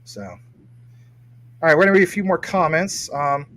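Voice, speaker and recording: A man's voice: on the high side, very animated, normal speed, a bit bright, low-quality recording. A man hosting a casual livestream, reading viewer comments and teasing his guest playfully. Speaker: livestream host.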